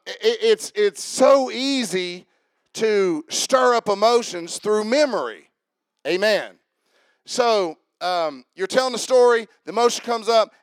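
A pastor delivers a sermon in a fairly high male voice that sits close and dry on the mic. He keeps it lively and conversational, calling out to the congregation and pulling people up front. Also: no room sound. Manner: lively, interactive, calls on the congregation. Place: church.

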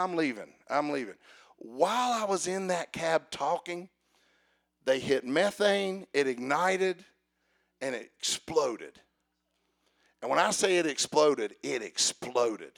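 High gravelly-voiced male preacher. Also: expressive, a little slow. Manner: builds to loud preaching, calls for amen; acts out dialogue in storytelling. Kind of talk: sermon with personal story.

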